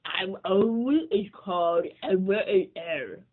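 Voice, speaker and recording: A woman voicing a cheerful, odd male penguin in a picture book, speaking slowly. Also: mid-range voice, slight background noise. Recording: tinny phone-like sound.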